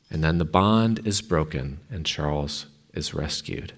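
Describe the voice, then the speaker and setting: A man's voice: extremely low pitch, measured pace, hardly any pauses. A male preacher giving a sermon, telling and reading a story in an emphatic, dramatic way.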